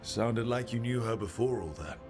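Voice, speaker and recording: A man's voice: medium pitch, lively intonation, normal speed, faint music behind, natural voice. An actor playing a practical male adventurer hero in video game dialogue, speaking in a dry, matter-of-fact way.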